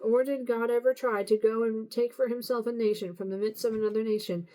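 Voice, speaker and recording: A woman reading the Bible aloud at a steady pace, now and then stumbling and correcting herself. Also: fairly high pitch, a little fast, rough recording. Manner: steady reading with occasional slips and self-corrections. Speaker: Bible reader.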